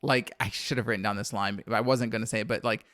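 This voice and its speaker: A man's voice: lowish voice, steady tone, quick pace, a bit bright, no room sound. Chatty, profane podcast man. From New Orleans. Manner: chatty, profane, laughs often, many fillers. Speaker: podcast co-host recapping a horror film. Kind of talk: casual podcast chat.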